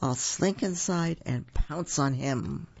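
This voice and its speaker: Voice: mid-range voice, takes it slowly, gravelly, husky, lo-fi sound, exaggerated voice. A reader voicing a sly, confident cat in a storybook, drawn out and purring.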